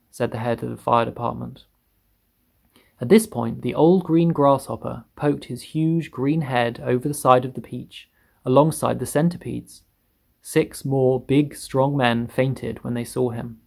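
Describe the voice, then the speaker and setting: A man narrating a children's story aloud, expressive and lingering on words for effect. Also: medium pitch, vocal fry. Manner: lively, expressive read with drawn-out emphasis.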